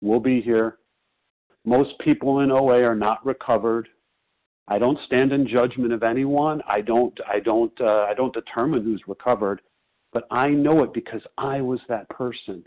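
A man's voice: medium pitch, normal speed. Man on a phone-call meeting, firm and insistent, repeats his points hard, thin telephone sound. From Chicago. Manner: emphatic, repetitive, preaching conviction. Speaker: twelve-step meeting member sharing. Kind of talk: personal share on a phone meeting. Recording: tinny phone line.

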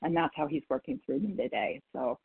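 A husky, creaky, low-sitting voice belongs to a North Idaho woman talking a little fast during a recovery meeting held over a call. She shares candidly, laughs at herself, and quotes others, all in phone-quality audio.

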